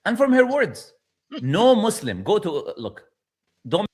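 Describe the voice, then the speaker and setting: A man whose first language is Arabic delivers preachy video commentary, pressing his point with rhetorical questions. His voice is husky and of middling pitch, and it rises and falls a lot as he insists. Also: wildly swooping pitch, measured pace, a little mellow. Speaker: religious commentator.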